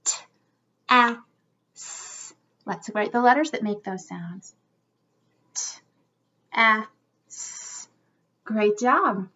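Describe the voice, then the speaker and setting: A woman teaching young children a phonics lesson, sounding out words slowly and encouragingly. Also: a little high, expressive, sharp tone, muffled recording.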